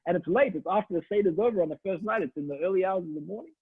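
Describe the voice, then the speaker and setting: A rabbi telling a story in a chatty, animated sermon over a video call. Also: male voice, sits high, racing, husky, no echo. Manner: animated, chatty, many restarts. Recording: dry tinny phone-like line.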